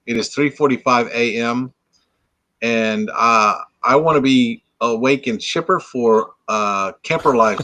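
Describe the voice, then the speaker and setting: A man's voice: medium pitch, measured pace, pushed and bright, no echo. A tired man hosting a casual late-night live stream from home on a laptop mic, chatting and greeting viewers. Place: home, indoors. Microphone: laptop microphone.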